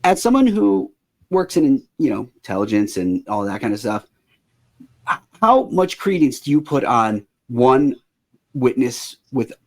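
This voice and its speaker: Relaxed man telling a strange story. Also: mid-range voice, unhurried, gravelly. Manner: relaxed, dry, lots of "like" and "so". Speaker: podcast co-host telling the story. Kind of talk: casual storytelling chat.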